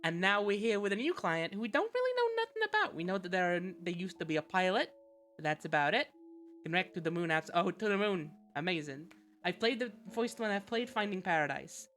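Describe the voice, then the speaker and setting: A woman's voice: lowish voice, expressive, brisk, fairly bright tone. A woman streaming a game, chatting casually, laughing often and thanking viewers. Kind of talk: casual live-stream chat.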